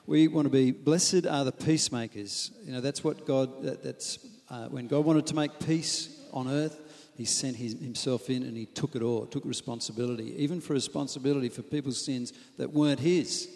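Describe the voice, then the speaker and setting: A man preaching a lively, humorous sermon on marriage, acting out quoted asides. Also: medium pitch, normal speed, few pauses, big-room sound. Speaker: pastor.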